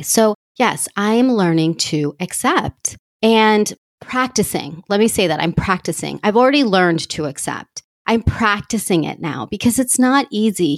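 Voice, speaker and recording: Woman life coach, 30s, confessional solo podcast voice, medium pitch, dry booth-like sound. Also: no room sound. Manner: open and confessional, emphatic repeats. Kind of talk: candid solo podcast talk.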